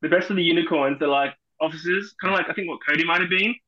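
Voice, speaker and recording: A fast-talking Australian man tells army stories with brash, profane humor. His voice is bright and forceful, and the audio comes through dull and lo-fi. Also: fairly high pitch. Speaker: guest, army officer. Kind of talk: casual podcast chat.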